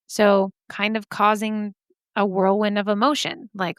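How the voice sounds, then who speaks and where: A woman's voice: mid-range voice, unhurried, fairly bright tone, smooth, no echo, clean studio sound. A woman hosting a true-crime podcast, telling the story casually with sassy asides and frequent laughs. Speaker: podcast host.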